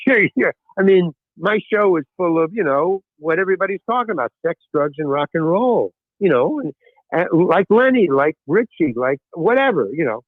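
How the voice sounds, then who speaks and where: An older man spins long anecdotes in an animated way, his voice rising and falling a lot and sitting fairly high for a man. The sound is thin and phone-like, with a dry, close feel. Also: normal speed, no echo. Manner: animated anecdote-telling, frequent restarts. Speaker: podcast guest. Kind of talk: storytelling in casual chat.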